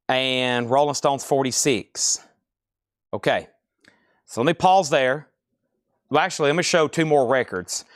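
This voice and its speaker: A man hosting a live-stream record auction, calling out bids and prices in a loud, projecting voice. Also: mid-range voice, clear, resonant tone, dry recording, studio quality. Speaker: auction host.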